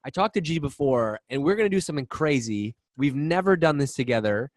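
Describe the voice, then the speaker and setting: Excitable man hosting a live webinar. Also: medium pitch, no echo. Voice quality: excitable, rapid, restarts often. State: out of breath. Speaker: webinar host. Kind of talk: energetic live webinar chat. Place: office in Boston.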